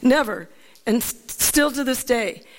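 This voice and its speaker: Animated woman preaching. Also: fairly high pitch, a little slow. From Alaska. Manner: animated, laughing storyteller who asks the audience "Amen?". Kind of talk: storytelling sermon.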